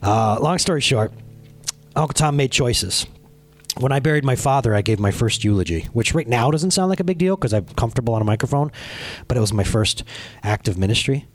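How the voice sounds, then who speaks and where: Husky, animated man preaching. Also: mid-range voice, a little fast, no room sound. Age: 30s. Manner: animated, storytelling, direct address to congregation. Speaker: pastor. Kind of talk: conversational sermon.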